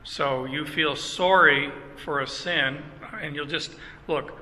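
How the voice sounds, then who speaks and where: A man's voice: a little high, steady tone, slow pace, bright, forceful tone, big-room sound, low-quality recording. An older Canadian man, a pastor, teaching a sermon in a conversational way with chuckling asides and frequent restarts.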